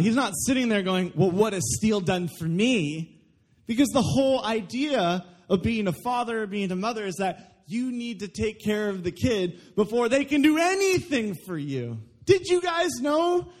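A young man preaching a sermon, telling family stories and acting out quotes in an animated way. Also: high voice. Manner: animated storytelling with acted-out quotes. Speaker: pastor.

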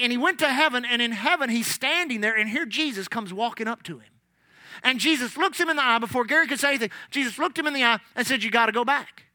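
Male preacher, storytelling sermon, very high sharp voice, dry close sound. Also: no room sound. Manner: animated, repeats lines, calls out "amen".

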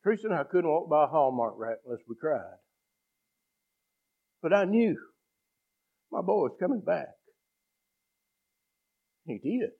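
A middle-aged male pastor preaching a passionate sermon, swinging between loud appeals and hushed pleading. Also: a little high, sing-song, a little slow, long pauses, husky. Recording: tinny phone-like sound.

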